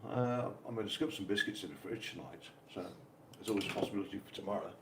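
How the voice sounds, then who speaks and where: A man's voice: fairly low pitch, quick pace. An older man co-hosting a casual live stream at home, bantering with a dry, teasing manner. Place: home in Spain. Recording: roomy with faint noise.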